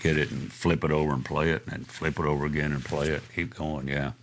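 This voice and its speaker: A little background noise sits under this very deep, flat, brisk voice. It belongs to an older guest musician who rambles through chuckling anecdotes packed with fillers during a laid-back interview.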